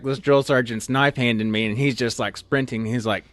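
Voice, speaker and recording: A man's voice: medium pitch, fairly quick, hardly any pauses, no room sound. A young man from Oklahoma, an officer candidate, casually telling a rambling story full of "like" and restarts. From Oklahoma, USA. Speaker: interview guest, officer candidate.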